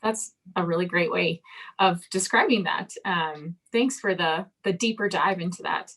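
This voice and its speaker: Woman, panel co-host, polite, hesitant, crisp bright tone. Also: lowish voice, normal speed. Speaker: panel co-host reading audience questions. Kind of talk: casual panel talk.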